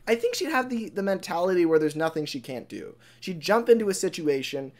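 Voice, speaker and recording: A man co-hosting a podcast, brainstorming a story in an animated, rambling way and laughing often. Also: high voice, a little fast. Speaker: podcast co-host. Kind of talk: casual story brainstorming chat.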